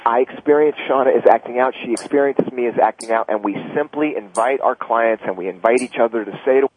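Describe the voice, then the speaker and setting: A man's voice: mid-range voice, quick pace, husky. A man working as a couples therapist, explaining anger in couples in an earnest, teaching way with wry asides. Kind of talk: radio talk. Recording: dry phone-line radio sound.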